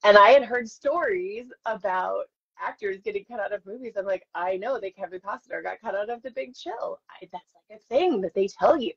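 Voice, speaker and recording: A woman's voice: mid-range voice, expressive, normal speed, gravelly, husky. A woman in her forties, an actress chatting with fans and telling stories on a live stream while signing autographs. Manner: chatty, self-deprecating, storytelling. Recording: dull lo-fi stream audio.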